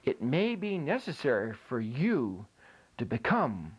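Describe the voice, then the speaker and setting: A man's voice: mid-range voice, huge pitch swings, unhurried, slightly rough. A man giving a playful comic lecture, joking while he demonstrates ventriloquism with food in his mouth.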